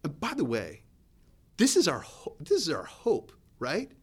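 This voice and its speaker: A man's voice: measured pace, breathy edge. A man preaching a sermon in a conversational, searching way, often restarting his sentences. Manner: conversational, searching, with restarts and lively swings in pitch and loudness. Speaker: pastor.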